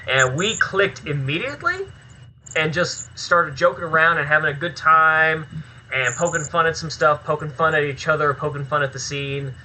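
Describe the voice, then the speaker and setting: A man being interviewed as a filmmaker and actor, talking in an animated, rambling way with plenty of swearing in a casual chat. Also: on the high side, moderate pace, slight background noise, low-quality recording.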